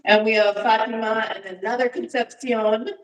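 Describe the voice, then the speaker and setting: Woman, church speaker presenting slides, halting delivery with frequent fillers, distant and echoey room sound. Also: on the high side, fairly even intonation. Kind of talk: informal presentation to a congregation. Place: church sanctuary.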